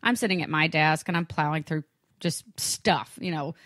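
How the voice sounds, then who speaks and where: A woman co-hosting a podcast, telling a story in casual chat, lively and acting out what she said. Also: deep voice, moderate pace, no room sound, clean studio sound. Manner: lively, animated storyteller acting out her own lines. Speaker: podcast co-host.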